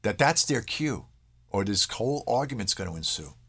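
A man's voice: lowish voice, big pitch swings, normal speed, pushed and bright, slightly rough. A man speaking as a parenting expert in an interview, conversational, checking in with his listener and briefly acting out lines of kids and parents. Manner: checks in with "all right?". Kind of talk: explaining in an interview.

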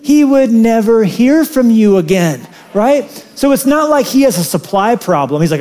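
A man preaching a sermon in an animated, conversational way, with casual asides to the congregation. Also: extremely high pitch, moderate pace, few pauses. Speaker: pastor.

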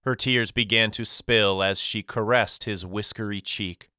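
A man reading a novel aloud as an audiobook narrator, in calm, even storytelling. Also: lowish voice, a little slow, clean tone, no room sound, clean studio sound.

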